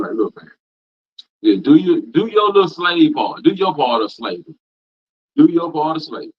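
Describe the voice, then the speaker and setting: Man, preacher, scripture class, folksy vernacular, preachy and repetitive, muffled low-fi audio. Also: breathy edge. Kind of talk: informal sermon, reading and commenting on scripture. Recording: dull lo-fi sound.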